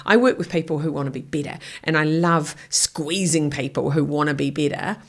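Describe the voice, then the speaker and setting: Energetic blunt woman, lowish voice. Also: a little fast, few pauses. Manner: energetic, blunt, acts out quoted exchanges. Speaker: guest, author and keynote speaker. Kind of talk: casual interview chat.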